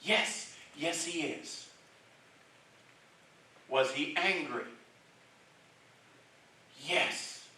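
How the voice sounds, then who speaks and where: A pastor preaches in a bright voice, talking with his congregation and often asking "right?" before he builds to loud, emphatic stretches. He is heard from a distance in a very echoey church sanctuary, and a faint hiss runs under the recording. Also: mid-range voice, unhurried. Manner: conversational preaching, frequent "right?" check-ins, rising to loud emphatic stretches. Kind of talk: sermon.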